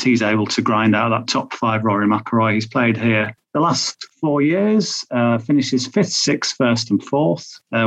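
Male podcast tipster, mid pitch, chatty, lots of fillers, dull lo-fi audio. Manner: chatty, reels off stats and odds with frequent fillers. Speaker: golf betting tipster. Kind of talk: podcast chat.

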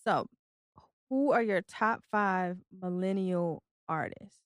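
A woman's voice: fairly low pitch, slow pace, clean tone, no room sound. Woman in her thirties, host, chatty, giggly, dry sound. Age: 30s. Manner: chatty, giggly, lots of fillers. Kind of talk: casual interview.

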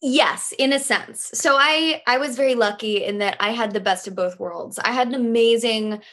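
A woman actress chats as a podcast guest in a fairly high voice. She speaks in articulate, thoughtful sentences and laughs easily between points. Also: normal speed, a bit bright. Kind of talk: casual interview chat.

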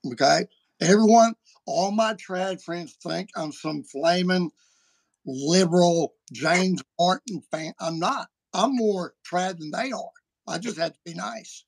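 A man hosts a casual podcast, telling stories in an animated, folksy way. His voice sits fairly high and has a gravelly edge. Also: slow. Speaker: podcast host. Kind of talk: casual chat.

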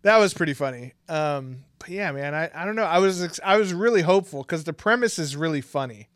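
A man's voice: on the high side, expressive, brisk, fairly bright tone, dry recording, clean studio sound. A man co-hosting a casual podcast, rambling with lots of fillers and frequent laughs. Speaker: podcast co-host. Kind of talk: casual chat.

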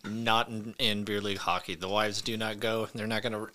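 A man's voice: lowish voice, level tone, normal speed, background noise. Brief: man, podcast guest in a studio, easygoing talker, many fillers. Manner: laid-back, lots of fillers like "you know" and "uh". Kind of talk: casual chat.

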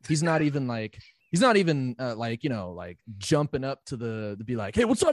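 A man's voice: mid-range voice, brisk, hardly any pauses. A man in casual podcast chat, telling a story with lots of swearing and acting out his own panicked reactions. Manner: profane, excitable, acts out his own reactions.

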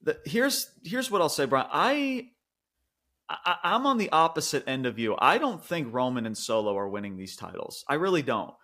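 A man co-hosting a podcast, giving an animated, rambling review in casual chat with frequent restarts. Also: a little high, moderate pace. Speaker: wrestling podcast co-host.

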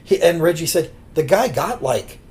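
A man's voice: a little high, lively intonation, normal speed, darkish tone. Chatty man telling wrestling stories. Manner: rambling anecdotes with acted quotes. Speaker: podcast co-host. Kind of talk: casual storytelling chat.

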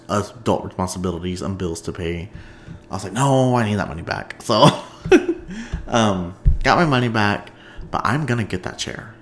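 A man hosting a casual solo podcast, telling stories in a chatty, animated way and laughing often. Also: fairly low pitch. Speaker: podcast host.

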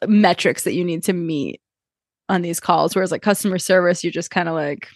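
A woman's voice: fairly low pitch, brisk, no echo, studio quality. A woman co-hosting a podcast, telling wry stories in casual chat. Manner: wry, storytelling with quoted voices. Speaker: podcast co-host.

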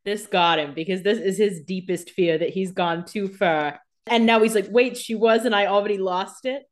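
A woman's voice: mid-range voice, moderate pace. A young woman co-hosting a casual chat, adding joking asides about the characters. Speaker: podcast co-host.

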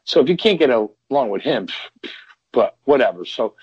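A man's voice: medium pitch, very animated, normal speed, darkish tone, slightly rough, no room sound. A middle-aged man, a veteran pro wrestler, telling road stories as a podcast guest in a rambling way, full of restarts and repeated words. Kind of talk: storytelling podcast interview. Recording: dull lo-fi podcast audio.

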